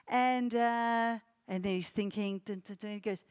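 A woman telling a church congregation an animated story from a mission trip, acting out the people she quotes. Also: unhurried. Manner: acts out quoted voices with rising pitch. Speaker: church speaker reporting on a youth mission trip.

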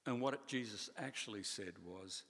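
A man preaching a sermon in a conversational, animated way, with playful asides. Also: on the low side, normal speed, long reverb tail. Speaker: pastor.

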